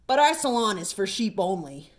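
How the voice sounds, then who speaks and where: Woman reading as a gentle young hairdresser. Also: medium pitch, big pitch swings, normal speed, pitched below the performer's own voice, close to an everyday voice. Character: kind young male sheep hairdresser.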